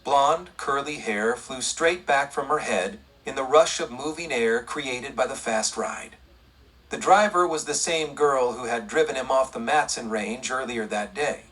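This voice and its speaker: Husky man narrating a western. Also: medium pitch, a bit bright, recorded from a distance, rough recording. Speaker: audiobook narrator.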